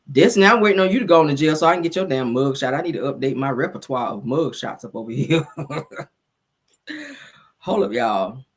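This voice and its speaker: A woman hosting a reality-TV gossip channel, telling the story in a sassy, profane, animated way. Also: a bass voice, brisk, slightly rough. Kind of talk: casual reality-TV gossip commentary.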